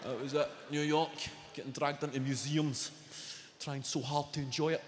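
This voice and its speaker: A man with a Scottish accent doing a sweary, animated stand-up routine full of mock voices. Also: on the high side, moderate pace. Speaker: stand-up comedian. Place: comedy venue with live audience. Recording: roomy live venue with loud audience noise.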